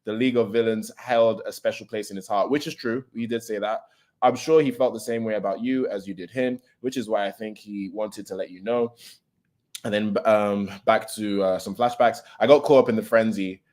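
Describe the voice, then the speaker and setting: A man's voice: fairly low pitch, steady tone, normal speed, darkish tone. A man streaming a casual manga reaction, reading character dialogue aloud between his own slangy asides, with frequent fillers and restarts.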